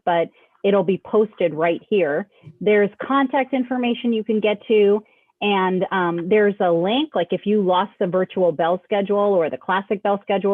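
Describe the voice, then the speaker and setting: A woman hosts a casual school update, talking students through a website in a friendly, chatty way. She sits mid-range in pitch. The video-call audio sounds tinny and phone-like, with no trace of room echo. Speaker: school staff host. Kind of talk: casual school announcement chat.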